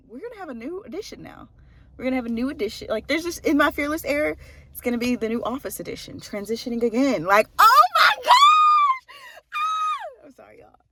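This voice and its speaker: A young woman vlogging in casual chat to camera, excitable, breaking into squeals and exclamations. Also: a little high.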